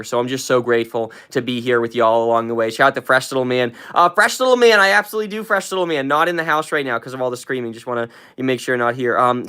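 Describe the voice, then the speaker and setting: A young man hosting a casual livestream from home on his phone, upbeat and chatty, giving shout-outs to viewers. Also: clear, resonant tone. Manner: upbeat, gives shout-outs to chat, jumps pitch when excited. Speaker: livestream host. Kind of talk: casual live-stream chat with viewers.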